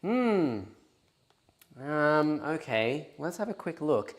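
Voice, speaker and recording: A man's voice: fairly high pitch, sing-song, slow. Easygoing Australian man at a game table. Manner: easygoing, reads out viewer comments. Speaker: wargame player. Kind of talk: casual tabletop game banter.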